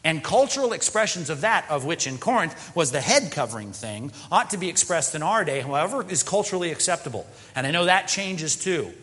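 A man preaching a sermon as pastor, animated, often slipping into mock quoted voices. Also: a little high, brisk, few pauses. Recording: long hall reverb.

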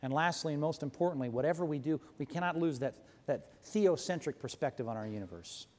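Man, pastor, sermon, high-pitched, emphatic, self-correcting, long hall reverb. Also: lively intonation, fairly quick, a little mellow.

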